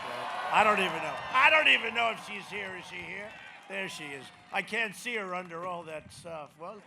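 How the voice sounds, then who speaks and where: An older man giving a campaign rally speech, rambling and boastful, swinging between shouted lines and muttered asides. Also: high-pitched, creaky, a little hiss or hum. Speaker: political speaker at a rally. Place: outdoor rally crowd.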